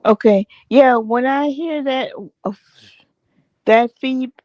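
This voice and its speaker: Slow-talking woman over dull stream audio. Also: sits high, darkish tone. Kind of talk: casual group chat on a live stream.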